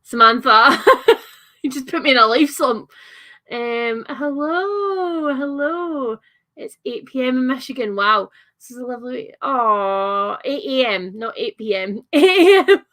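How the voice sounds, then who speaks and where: A woman's voice: fairly high pitch, expressive, measured pace, pushed and bright. A young adult woman with a Scottish accent chatting on a livestream, reading out comments with lots of fillers and giggles. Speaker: livestream host.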